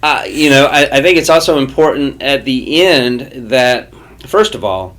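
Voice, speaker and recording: A man's voice: medium pitch, unhurried, fairly bright tone. Chatty man co-hosting a history chat. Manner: chatty, playful, thinks aloud with fillers. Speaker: podcast co-host. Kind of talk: casual history discussion.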